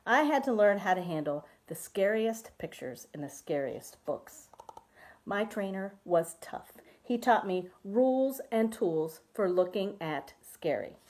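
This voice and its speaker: A woman minister reads a children's story aloud during worship. Her pitch swings widely as she storytells, rising and dipping to act out the tale. Her delivery is expressive and animated.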